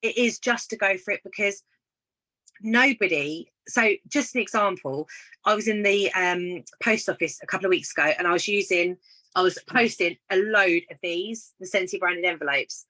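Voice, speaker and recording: A woman chats as a guest on a casual live video call, telling encouraging anecdotes and voicing the people in them. Her voice sits at a middle pitch with a bright, forward tone. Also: moderate pace, poor audio. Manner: storytelling, encouraging, acts out quoted dialogue. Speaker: guest business consultant.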